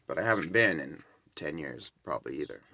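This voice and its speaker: A man's voice: extremely low pitch, lively intonation, brisk, heavy background noise. A man in his forties telling rambling, casual anecdotes and chuckling between bits. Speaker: storyteller.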